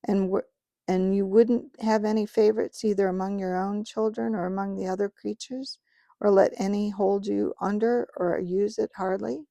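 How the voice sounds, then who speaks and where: A woman's voice: medium pitch, steady tone, vocal fry, warm tone, dry recording, lightly acted. Aslan, a solemn lion king, read by a woman. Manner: grave, measured, commanding. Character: majestic male lion king, solemn and kind.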